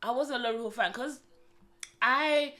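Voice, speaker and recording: A woman tells stories as a podcast guest. Her voice is bright and a touch high. She talks in an animated way and swears oaths for emphasis. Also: normal speed. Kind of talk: casual chat.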